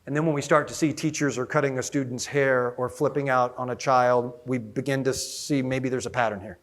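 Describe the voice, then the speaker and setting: A man giving an energetic conference keynote, often asking the audience questions. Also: mid-range voice, fairly quick. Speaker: conference speaker.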